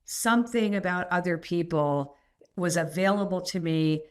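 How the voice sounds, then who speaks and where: Chatty woman telling stories, slightly low voice. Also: normal speed. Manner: rambling, animated, laughs often. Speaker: podcast guest. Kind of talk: candid storytelling interview.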